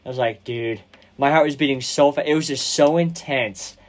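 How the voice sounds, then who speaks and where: A young man hosting a podcast, retelling movie scenes casually and excitedly, with slang and lots of "like". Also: fairly high pitch, a little fast. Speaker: podcast host. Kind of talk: casual chat about a movie.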